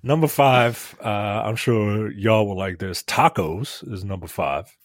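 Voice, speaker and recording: A man's voice: on the low side, lively intonation, unhurried, dry recording, studio quality. A man co-hosting a podcast, reading items off a list with hesitant fillers in a casual chat.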